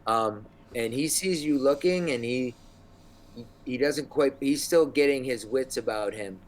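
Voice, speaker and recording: A man's voice: medium pitch, a little slow, poor audio. Rambling male game master. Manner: rambling, many ums and likes. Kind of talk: narrating a tabletop game.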